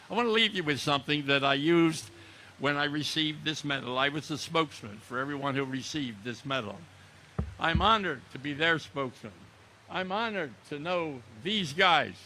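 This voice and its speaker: A man in his nineties, a Merchant Marine veteran, giving a solemn, measured memorial speech outdoors. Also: on the high side, bright, forceful tone, slight background noise. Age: 90s. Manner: solemn, measured oratory with recited verse. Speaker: World War Two Merchant Marine veteran speaker.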